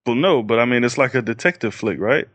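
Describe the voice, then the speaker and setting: A man's voice: medium pitch, animated, quick pace, a bit bright, no room sound. A young man in casual chat about films, blunt, stammering on restarts and swearing.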